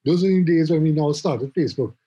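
A middle-aged man chatting casually about his office jobs, telling animated stories and often repeating words as he goes. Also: a little high, fast talker, husky, lo-fi sound. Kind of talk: casual conversation.

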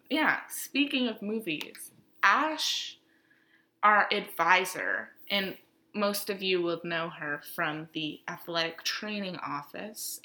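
A woman's voice: lowish voice, pushed and bright. A woman co-hosting a student podcast, chatting casually and playfully and saying "like" a lot. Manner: playful, jokey, lots of "like". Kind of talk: casual chat. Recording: roomy echo.

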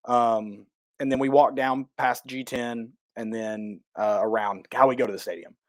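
Excitable man telling a story. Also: medium pitch, moderate pace, dry recording. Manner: excitable, rambling, self-correcting. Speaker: podcast co-host. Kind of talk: casual storytelling chat.

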